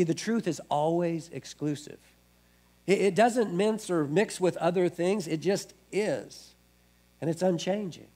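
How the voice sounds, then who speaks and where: A man's voice: on the high side, creaky, darkish tone. A male pastor preaching a sermon in a conversational way, often restarting his words.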